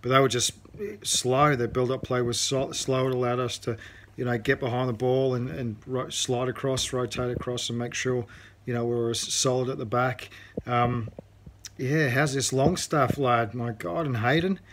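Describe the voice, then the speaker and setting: A man's voice: mid-range voice, flat delivery, normal speed, a little hiss or hum. A man from Australia giving a rambling fan reaction to a football match, with many fillers. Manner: rambling, full of fillers and restarts. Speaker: fan contributor. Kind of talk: casual recorded fan reaction.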